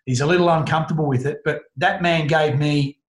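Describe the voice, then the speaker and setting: A middle-aged Australian man telling a personal story in an interview, earnest and halting, often restarting his sentences. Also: on the high side, steady tone. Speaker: guest. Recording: roomy echo.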